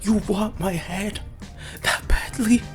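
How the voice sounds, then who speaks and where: A man's voice: high-pitched, steady tone, slow, soft background music, voice pushed up. A man voicing a huge, scornful old female pirate queen in a taunting tone.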